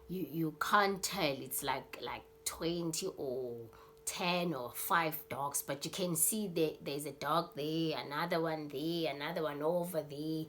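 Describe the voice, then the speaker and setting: South African woman, unhurried, lowish voice, rambling storytelling with fillers. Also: slight background noise. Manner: rambling, many fillers, acts out scenes. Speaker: YouTuber. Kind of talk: casual storytelling vlog.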